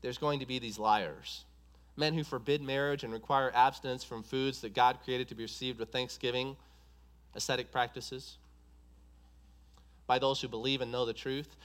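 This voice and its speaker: A man's voice: mid-range voice, steady tone, normal speed, fairly bright tone. A man preaching a sermon, driving points home with an emphatic, repetitive cadence.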